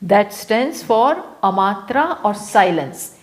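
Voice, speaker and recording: A woman with an Indian English accent giving a live scripture lecture as a spiritual teacher, unhurried and repeating key phrases for emphasis. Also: mid-range voice, big pitch swings. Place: live talk venue.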